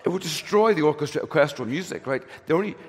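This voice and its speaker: A man preaching a sermon with emphatic, repeated phrases, swinging between loud declarations and hushed, gentle lines. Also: on the high side, expressive, fast talker. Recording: long hall reverb.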